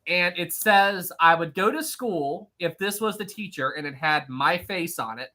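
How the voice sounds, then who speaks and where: A woman's voice: fairly low pitch, moderate pace, bright, forceful tone. A woman hosting a casual live stream, talking to her chat with frequent laughter and many restarts.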